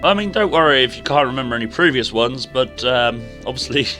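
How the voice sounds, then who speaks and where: A man's voice: medium pitch, expressive, brisk, sharp tone. A man with a sore throat and a fading voice, chatting casually with his viewers while streaming a game. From England. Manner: chatty, rambling, talks to chat while playing. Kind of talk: casual live-stream gaming commentary. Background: background music.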